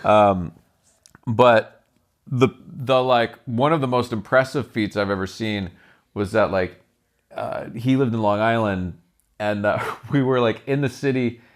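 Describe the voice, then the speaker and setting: A man's voice: on the low side, measured pace. A man from Texas, a tattooer, telling rambling, profane stories as a podcast guest, breaking into laughter as he talks. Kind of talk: casual storytelling.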